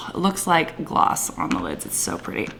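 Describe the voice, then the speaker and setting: A woman talking through her makeup in a casual, gushing vlog, with a playful put-on Southern twang and soft whispered asides. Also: sits low, wildly swooping pitch, moderate pace, gravelly, background noise. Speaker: beauty vlogger. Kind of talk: casual makeup tutorial chat.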